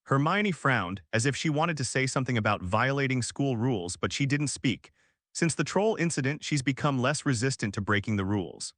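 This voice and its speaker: A man's voice: mid-range voice, expressive, brisk, fairly bright tone, no echo. Man narrating a story in a dry, close voice. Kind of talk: audiobook narration of fan fiction.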